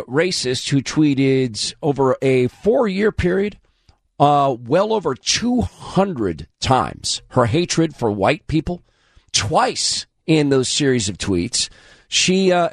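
A hoarse man runs his commentary show in a sarcastic, scornful tone, his voice lifted a bit high and swinging widely up and down. The sound is dry and close, with no room around him. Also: no room sound. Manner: mocking, scornful. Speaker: political commentary host.

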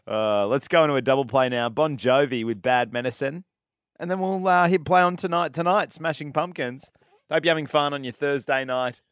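A man's voice: mid-range voice, a little fast, a bit bright, clean tone, no echo. An Australian man hosting an evening radio show in a studio, breezily announcing songs and chatting with his co-host. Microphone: studio microphone.

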